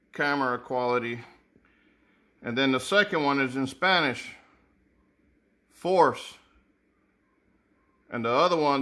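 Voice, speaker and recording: A man's voice: medium pitch, bright, forceful tone. A man casually reviewing sneakers, thinking aloud with many repeated words and restarts. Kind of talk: casual unboxing commentary.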